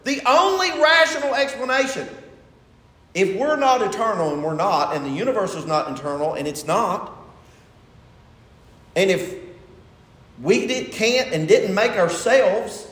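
A high-voiced man preaches emphatically, pressing his listeners with rhetorical questions. His voice rings through a reverberant hall. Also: lively intonation, measured pace, pauses often, a bit bright. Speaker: pastor. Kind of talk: sermon. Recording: echoey hall.

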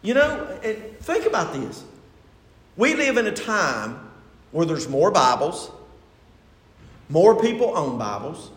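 A man preaches from the pulpit, his high voice leaping up and down as he presses rhetorical questions on the congregation. His words ring through a roomy sanctuary with a long reverb tail. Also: big pitch swings, slow pace, pauses often. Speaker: pastor. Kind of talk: sermon. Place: church sanctuary. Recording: echoey church hall.

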